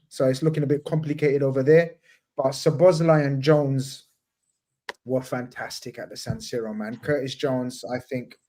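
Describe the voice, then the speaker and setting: A man's voice: mid-range voice, a little mellow. Laid-back man talking football. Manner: laid-back, says "man" and "you know what I mean" a lot. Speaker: podcast panelist, football fan. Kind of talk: casual football podcast banter.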